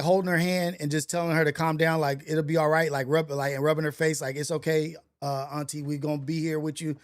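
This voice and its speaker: A man with a fairly high voice tells a story on a casual livestream. His talk is loose and slangy, full of restarts and fillers. He sounds like a streamer talking into his phone at home. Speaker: livestream host. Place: home setup for a portrait livestream.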